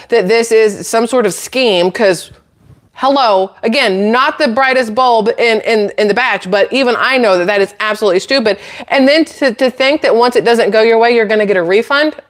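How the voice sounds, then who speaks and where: A woman hosting her own channel, ranting to camera in a blunt, sarcastic, incredulous way with exasperated laughs. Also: a little high. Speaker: channel host.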